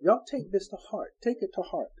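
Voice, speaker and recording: A man's voice: sits high, lively intonation, a little fast, dark tone, muffled recording. A man preaching an informal Bible-study sermon in a folksy, conversational way, acting out the people he quotes.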